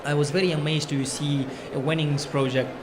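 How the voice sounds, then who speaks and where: A man from Fiji speaks as a panelist, talking fast and eagerly with plenty of ums and uhs. He is recorded in a conference pavilion with clear background noise. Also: fairly high pitch, steady tone. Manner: quick, enthusiastic, many fillers.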